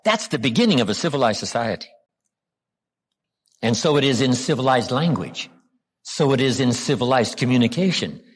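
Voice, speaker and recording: An older American man with a husky voice lectures at a live seminar, his pitch rising and falling with lively expression. He asks the crowd rhetorical questions and stretches key words slowly for emphasis. The recording carries the long echo of a large hall. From United States. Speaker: motivational speaker.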